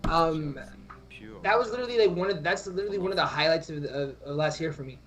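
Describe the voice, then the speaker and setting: Fast-talking young man chatting casually. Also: on the high side, a bit bright, faint music behind. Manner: rambling, fast, many restarts and slang. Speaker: podcast co-host. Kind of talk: casual chat.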